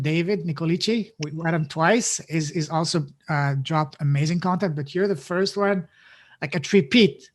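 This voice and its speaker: A man co-hosting a podcast interview, talking casually and effusively with halting restarts. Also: high-pitched. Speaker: podcast co-host.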